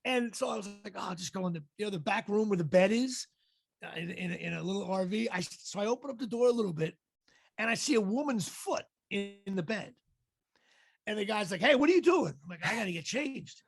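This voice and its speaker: Raspy, high-pitched animated male storyteller. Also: fairly quick, no room sound, studio quality. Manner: animated storyteller acting out quotes. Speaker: actor and comedian guest. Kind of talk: storytelling in a casual interview.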